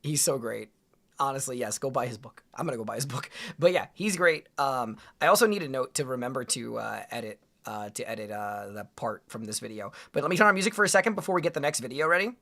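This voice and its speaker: A woman streamer from Australia chatting in a casual reaction stream, excitable and rambling as she reacts. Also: extremely low pitch, fast talker.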